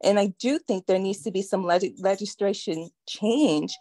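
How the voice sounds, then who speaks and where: An earnest woman in her forties speaks on a video call, her words heartfelt and halting as emotion rises. Her voice sits at a middle pitch, and the sound is dry and close. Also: dark tone, dry recording. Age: 40s. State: getting emotional. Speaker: participant sharing her experience. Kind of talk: emotional personal testimony.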